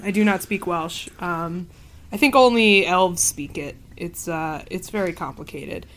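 A woman on a podcast who talks slowly and unhurriedly. She laughs often and pauses as she works through a story, speaking into a remote call mic. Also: lowish voice, a bit bright. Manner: amused, laughs often, halting when reading. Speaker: podcast co-host. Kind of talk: casual comedic chat, reading out stories.

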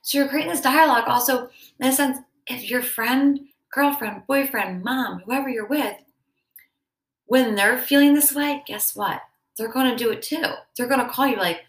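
A woman's voice: high voice, normal speed. A woman hosting a self-help podcast, talking casually and acting out short quoted conversations as she goes. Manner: conversational, acts out little quoted dialogues. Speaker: podcast host. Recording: echoey room.

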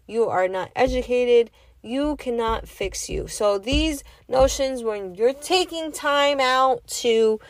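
A woman giving a casual, emphatic monologue, firing off rhetorical questions and now and then cursing. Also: high-pitched. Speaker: vlogger giving opinions.

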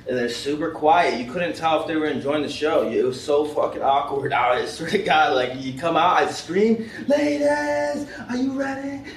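A young man chats on a casual podcast, boisterous and crude, jumping into loud, high voices to act out scenes. He sounds some way off the mic in a roomy space with a faint hiss behind him. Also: normal speed, few pauses. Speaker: podcast co-host, stage show host. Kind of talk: casual chat. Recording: echoey room, mic at a distance.

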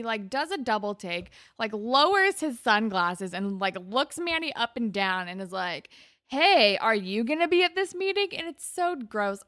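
A woman's voice: mid-range voice, fairly bright tone, no room sound, clean studio sound. A young woman casually recapping a TV episode with a co-host, chatty and sarcastic, full of "like". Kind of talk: casual chat.

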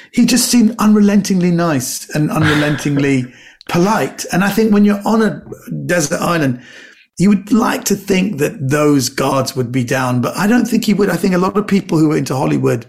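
A man, a comedian and actor, telling animated anecdotes as a podcast guest, often repeating words. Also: fairly high pitch, creaky. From Britain. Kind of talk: casual storytelling chat.

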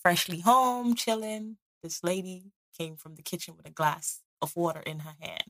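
Bright-voiced blunt woman podcaster. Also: lowish voice, fairly even intonation, normal speed. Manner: blunt, profane storytelling. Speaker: podcast co-host. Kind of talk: casual chat.

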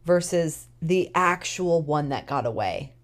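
A woman co-hosting a podcast, recapping a TV episode in a casual, animated way with emphatic opinions; she is tired. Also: sits low, a little slow. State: tired, yawning. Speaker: podcast co-host.

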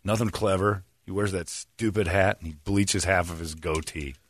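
A man's voice: low-pitched, steady tone, normal speed, slightly rough. A man hosting casual comedic banter, ranting and teasing in a crude way.

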